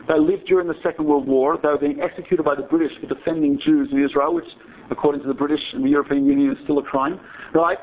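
A man's voice: a little high, highs cut off, slight background noise. A man giving a talk to an audience, telling a story in a conversational way and often checking in with "right?". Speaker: speaker.

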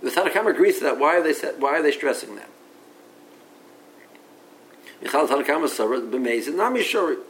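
A Talmud teacher with a somewhat high, fairly bright voice lectures in a rapid-fire, animated way, reasoning aloud and mixing English with Aramaic and Hebrew terms. He keeps restarting sentences and repeating words, and the audio is poor.

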